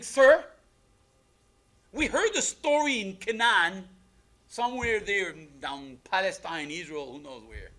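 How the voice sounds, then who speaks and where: Young wife, sharp-tongued and mocking in her comeback; bright, high delivery, voiced by a man. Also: full character voice. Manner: pointed, mocking retort.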